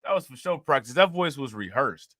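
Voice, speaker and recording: A man's voice: mid-range voice, lively intonation, fairly quick, bright, forceful tone, no echo. A man hosting a casual commentary show, reacting to news clips and talking straight to his viewers in a loose, repetitive way. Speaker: commentary channel host.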